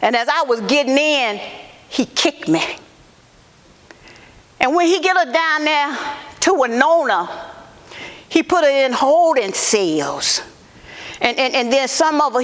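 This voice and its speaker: Actress doing a woman activist, slow high voice, halting earnest testimony in an echoey hall. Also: a bit bright, exaggerated voice. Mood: solemn. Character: Southern Black woman civil rights activist testifying. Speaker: actor in museum portrayal. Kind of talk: first-person historical monologue.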